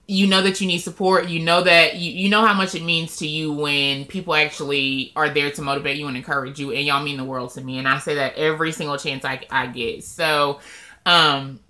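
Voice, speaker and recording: A woman vlogger chatting casually and emotionally straight to her viewers about her weight-loss progress. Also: on the low side. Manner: emotional and openly expressive, talks straight to viewers. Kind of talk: casual vlog chat.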